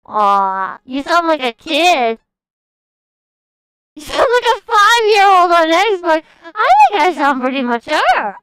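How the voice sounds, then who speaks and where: A young woman streamer chatting casually in an excitable, jokey way, often shouting and laughing. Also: very high voice, slow, no echo. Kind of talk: casual livestream chat.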